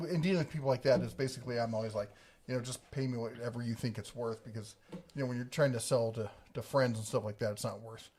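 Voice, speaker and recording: A man's voice: mid-range voice, darkish tone, husky. A man hosting a casual livestream, rambling through viewer questions with jokes and restarts. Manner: rambling, joking, self-correcting. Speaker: livestream host.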